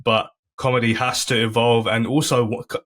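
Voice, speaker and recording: A man's voice: medium pitch, level tone, normal speed, a bit bright. A comedian, a man, chatting as a podcast guest and telling stories in an earnest way. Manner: earnest, storytelling, many fillers and restarts. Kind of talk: casual chat.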